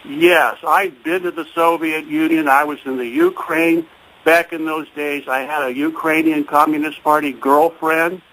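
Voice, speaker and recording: Hesitant guy calling into radio, kinda high, bright edgy voice. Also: steady tone, a little slow, low-quality recording. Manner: hesitant, full of fillers and restarts. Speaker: caller. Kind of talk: call-in talk radio.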